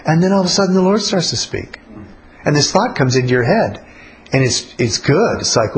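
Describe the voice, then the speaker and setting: A man teaching about prayer in a relaxed, conversational way, blunt and colloquial. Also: medium pitch, normal speed, poor audio. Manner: blunt, colloquial, acts out little spoken exchanges.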